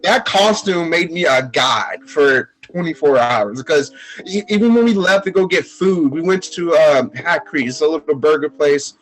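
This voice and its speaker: A man's voice: a little high, expressive, moderate pace, a bit bright, low-quality recording. A young man with a Texas accent, telling stories in a casual podcast chat, acting out quotes with many fillers and restarts. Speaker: podcast guest.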